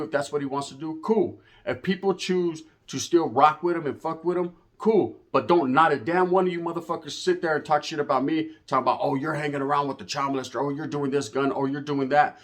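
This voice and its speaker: A man from the US West Coast, hosting his channel and telling a story in a casual rant full of street slang and profanity, swinging between loud emphatic bursts and low asides. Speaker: channel host.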